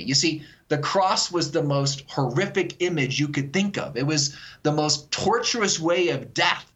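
A man speaking as a guest author on a call-in radio interview, earnest and animated, often repeating words as he thinks aloud. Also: fairly high pitch, normal speed, hardly any pauses.

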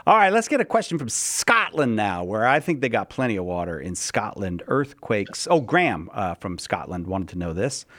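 A man's voice: on the low side, very animated, normal speed, hardly any pauses, fairly bright tone. A man hosting a talk show, chatty and joking, who reads listener questions aloud. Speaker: host. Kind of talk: casual talk show chat.

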